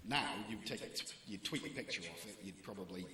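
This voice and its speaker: A man's voice: deep voice, animated, fast talker, hardly any pauses, noisy background. Wry man in a very echoey hall. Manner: wry, anecdotal, lightly self-mocking. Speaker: newspaper deputy editor. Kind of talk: talk to students.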